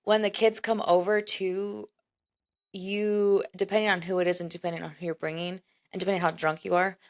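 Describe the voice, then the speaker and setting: Casting: woman, 40s, podcast co-host, playful teasing banter, quick to laugh. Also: mid-range voice, little pitch movement. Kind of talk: casual chat.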